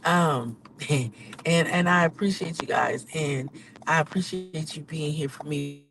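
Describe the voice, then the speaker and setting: A woman podcaster and rideshare driver venting in a casual live vlog from her car, swinging from low mutters to loud exclamations. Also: measured pace, poor audio. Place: in a car on city streets.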